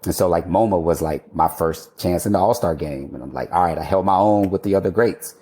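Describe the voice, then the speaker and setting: A man, an architect and podcast guest, telling a candid, animated story in casual conversation and now and then swearing. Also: low voice, fairly quick.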